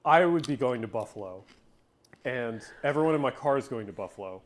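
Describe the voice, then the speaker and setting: A man's voice: mid-range voice, expressive, a little fast. A man in casual podcast chat who talks loosely, full of fillers and the odd swear word, while reading out viewer questions.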